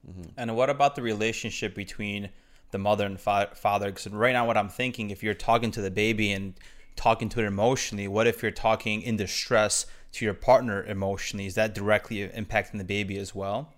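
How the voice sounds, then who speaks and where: A man's voice: fairly low pitch, steady tone, brisk. A man hosting a podcast interview, asking long, winding questions padded with fillers. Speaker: host.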